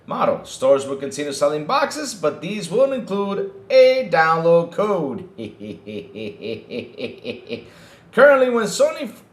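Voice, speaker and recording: A man with a fairly high, very lively voice hosts a casual gaming news show. He reads reports and mocks them, swearing freely and talking straight to his live chat. The room has a noticeable echo. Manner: animated, mocking, swears, addresses chat. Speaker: podcast host.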